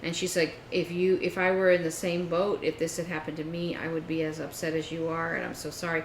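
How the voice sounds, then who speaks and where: A woman's voice: low voice, a little fast. A woman co-hosting a casual chat, telling a story and acting out a phone call. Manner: animated storytelling, acts out phone calls. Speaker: podcast co-host. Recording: echoey room with faint noise.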